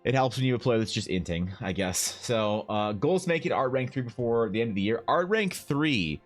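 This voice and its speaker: Soft music plays behind this man's fairly quick, lively voice as he draws on stream. It's casual live-stream chat: he reads viewer messages aloud and jokes and teases them, his pitch swinging up and down.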